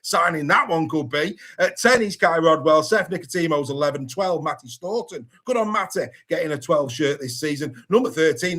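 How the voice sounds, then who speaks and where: A man's voice: a little high, fairly bright tone. A man hosting a rugby league podcast, chatty and enthusiastic as he reads through a squad list. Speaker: podcast host. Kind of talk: casual sports podcast chat.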